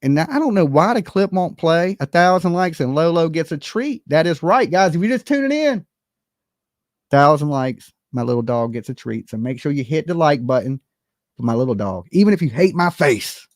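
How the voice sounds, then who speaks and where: Lively blunt livestream host, dry sound. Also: mid-range voice, normal speed, no echo. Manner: animated, blunt and profane, talks straight to chat. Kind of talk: live-stream commentary with call-ins.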